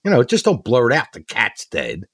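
A man's voice: fairly low pitch, sing-song, fairly quick, dry recording, clean studio sound. A man voicing an upset wife on a business trip in a joke.

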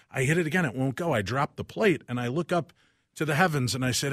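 A man guest-hosting a talk radio show, telling a personal story in an animated way and acting out each person's lines. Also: mid-range voice, fairly quick, no echo, studio quality.

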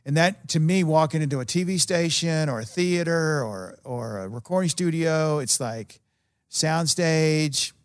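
Animated man telling stories. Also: a little high, unhurried, clear, resonant tone, no echo. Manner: animated, rambling anecdotes with quoted voices. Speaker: TV executive producer, guest. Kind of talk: casual interview storytelling.

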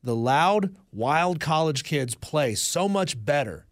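A man's voice: fairly high pitch, animated, takes it slowly, no room sound. A man co-hosting a sports talk radio show in a studio, opinionated and teasing. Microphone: studio microphone.

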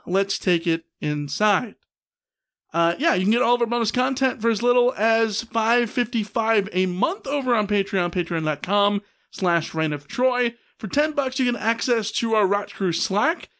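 A man in his thirties co-hosting a casual podcast, talking quickly and filling pauses with "uh.". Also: sits high, fairly bright tone. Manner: quick, chatty, with many "uh" fillers. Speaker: podcast co-host.

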